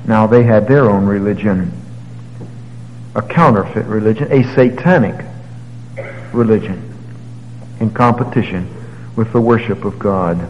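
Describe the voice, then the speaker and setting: A man preaching a sermon, telling the story with lively paraphrases and moving between loud, emphatic passages and quiet, low ones. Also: measured pace, long pauses, lo-fi sound, slight background noise. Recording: long hall reverb.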